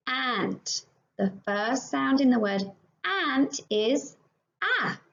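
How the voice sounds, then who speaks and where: Australian woman, teacher, slow and encouraging, gravelly fry, dull lo-fi recording. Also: medium pitch. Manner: slow, encouraging, sounds out letters. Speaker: prep teacher. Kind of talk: phonics lesson for young children. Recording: dull lo-fi sound.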